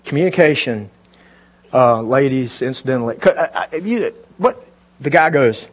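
Speaking at a normal speed, this male pastor has an expressive, mid-range voice with a slight roughness. He delivers a conversational sermon to a live church congregation, asking them questions as he goes.

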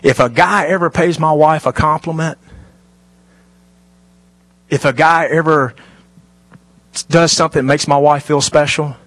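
A middle-aged man preaching a sermon, animated and lively, dropping to hushed, intimate asides. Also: a little high, a little slow, pauses often, no echo. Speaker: pastor.

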